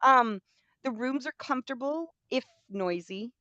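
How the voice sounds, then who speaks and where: A woman's voice: on the low side, a little slow, clear, resonant tone, no room sound, muffled recording. A woman hosting a live stream, telling a long casual story in a chatty, rambling way with many fillers.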